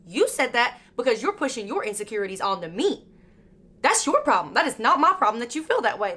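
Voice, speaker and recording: A woman's voice: fairly high pitch, brisk. Chatty young woman vlogging while doing makeup. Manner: candid, animated, swears freely, many "like" and "you know" fillers. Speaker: beauty vlogger. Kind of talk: casual get-ready-with-me chat while doing makeup.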